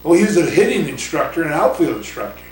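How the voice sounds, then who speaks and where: A man's voice: a little high, sing-song, fast talker, slight background noise. An older man, a former baseball coach, talking bluntly in a casual interview, rambling with fillers. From California. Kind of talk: casual oral-history interview. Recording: roomy, distant mic, faint ambience.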